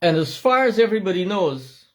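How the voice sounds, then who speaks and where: A middle-aged Guyanese man with a Guyanese accent, giving an impassioned, shouting monologue with emphatic repetition. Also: sits high, very animated, a little fast.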